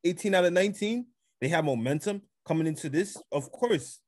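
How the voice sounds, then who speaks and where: A man's voice: high voice, animated, fairly quick, no echo, studio quality. A man co-hosting a casual sports podcast, laid-back, laughing easily and repeating his points for emphasis. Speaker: podcast co-host.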